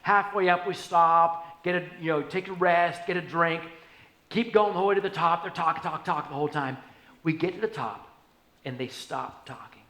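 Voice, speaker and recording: A man preaching a storytelling sermon as a pastor, animated, swinging from hushed to loud. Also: a little high, moderate pace. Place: church sanctuary. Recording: echoey church hall.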